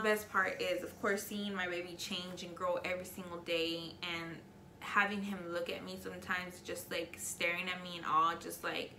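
A woman's voice: medium pitch, pushed and bright, roomy sound, a little hiss or hum. A young woman chatting candidly in a casual question-and-answer vlog, emotional and chatty, with many fillers. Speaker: beauty vlogger.

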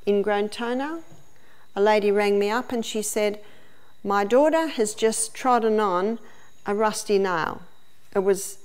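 A woman's voice: mid-range voice, a little mellow, clear, resonant tone. A middle-aged woman, a health educator, giving a teaching seminar with a demonstration. She tells stories and explains each step. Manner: story-telling, explaining step by step.

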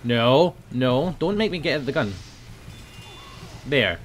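A young man giving playful commentary over a video game, breaking into loud high yells when the action heats up. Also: lively intonation, normal speed, pauses often, slight background noise. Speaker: gaming video host. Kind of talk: casual gameplay commentary.

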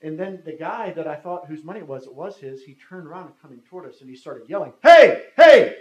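A man from the United States in his fifties talks fast in a voice on the high side with a darkish tone; the sound is roomy and the audio poor. As a guest speaker, he tells a personal story conversationally, acting out the dialogue.

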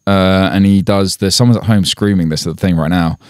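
A rapid-fire man riffing with his co-host, voice sitting on the low side. His chat is loose and jokey, full of swearing. The sound is close and dry. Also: fairly even intonation, darkish tone, clear, resonant tone, no echo. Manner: swearing, joking, quick rambling. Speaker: podcast co-host. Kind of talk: casual banter.

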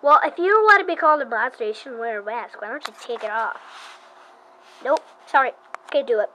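A snarky, nerdy teenage boy from a game, dismissive and mocking, as a woman puts on a nerdy voice for him. The tone stays bright and edgy throughout. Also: on the high side, animated, fairly quick, a little hiss or hum, low-quality recording.

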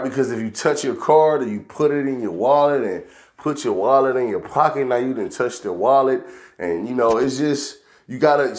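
A man's voice: medium pitch, darkish tone. Preaching man in an echoey room. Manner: repeats "man" after nearly every phrase; reads verses slowly and deliberately. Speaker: street preacher. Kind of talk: preaching with scripture readings.

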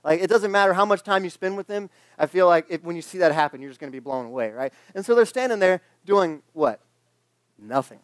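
Man, twenties, pastor, casual joking sermon, slightly high voice, dry close sound. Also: expressive, a little fast, dry recording. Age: 20s. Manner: joking, conversational, acts out quoted voices. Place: church sanctuary.

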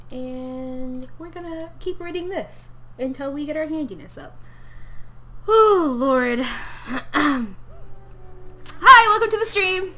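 A woman's voice: sits high, a little hiss or hum. A young woman streaming a life-simulation game from her home office, chatting to her character and the viewers, sometimes from across the room, away from her desk mic. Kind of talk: casual gameplay commentary. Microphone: desk mic, heard from across the room.

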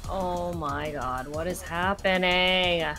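A woman playing a video game with a friend on a stream, chatting casually and cursing loudly at other players. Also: on the low side, slow pace, soft background music. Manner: swears loudly, chanting exclamations. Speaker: guest co-player. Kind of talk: casual live-stream chat.

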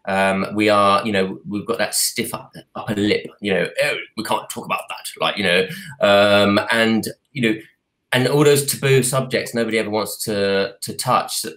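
Cockney male artist, low voice, earnest and halting, home computer mic. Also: steady tone, fairly bright tone. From United Kingdom. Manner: earnest, halting, many restarts and fillers. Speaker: artist and advocate. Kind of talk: live video call interview. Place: apartment at home. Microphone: video call from home computer.

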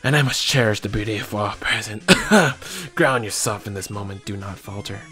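A man voicing a solemn male ground-type elite trainer, slow and grave, breaking into laughs. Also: lowish voice, pushed and bright, pitched below the performer's own voice. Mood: mock solemn. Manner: slow mock-grave speech broken by laughs.

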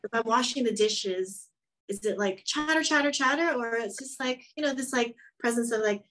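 A woman's voice: a little high, moderate pace, a bit bright, low-quality recording. Reflective woman guest, many fillers. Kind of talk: casual conversation.

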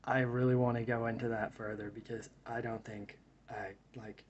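A man's voice: mid-range voice, flat delivery, normal speed, lo-fi sound, a little hiss or hum. A man giving a reflective Bible study talk, reading verses aloud and then musing on them in a thoughtful way. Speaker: Bible teacher.

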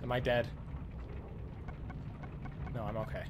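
A gaming channel host doing let's play commentary, swearing and yelling at the game character, with game music behind. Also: mid-range voice, little pitch movement, takes it slowly, heavy background noise.

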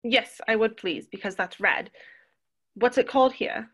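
A woman's voice: fairly high pitch, unhurried. A woman reading the part of a literal, anxious teenage boy in a live script reading. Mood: calm. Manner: flat, literal, insistent. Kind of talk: live script reading over video call.

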